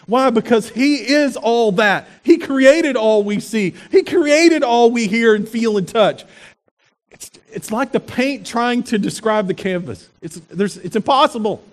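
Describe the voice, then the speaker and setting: A male pastor preaching a sermon in an animated way, asking the congregation rhetorical questions. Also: very high-pitched, measured pace.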